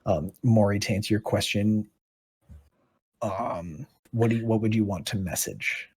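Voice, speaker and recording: A man's voice: fairly low pitch, measured pace, darkish tone, slightly rough, no room sound. A man running a tabletop game as game master, narrating casually with lots of ums and likes.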